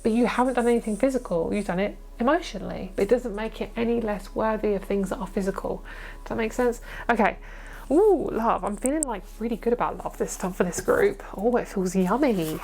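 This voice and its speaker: A woman's voice: mid-range voice, brisk, a little mellow. A woman giving a casual, chatty pick-a-card tarot reading, gushing and swearing casually as she goes. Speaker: tarot reader.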